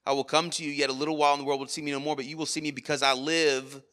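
A man's voice: a little high, little pitch movement, very fast, bright, forceful tone. A man preaching a sermon at a church worship service, earnest, with frequent rhetorical asides. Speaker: pastor.

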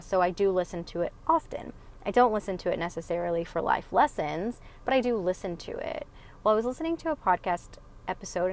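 A woman telling viewers a rambling personal story in casual chat, with lots of fillers and restarts. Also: fairly low pitch. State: emotional, choking up. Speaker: podcast listener sharing a story.

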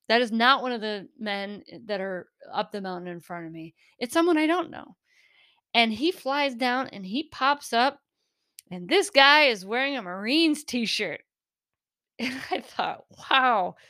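A woman's voice: mid-range voice, fairly bright tone, no echo, clean studio sound. A middle-aged woman hosting a podcast, telling a personal story in an earnest, emotional way, laughing now and then. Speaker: podcast host.

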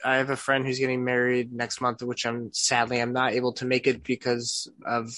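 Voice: medium pitch, completely flat delivery, moderate pace, fairly bright tone, no echo. A podcast co-host telling a story in easygoing, chatty conversation. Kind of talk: casual chat.

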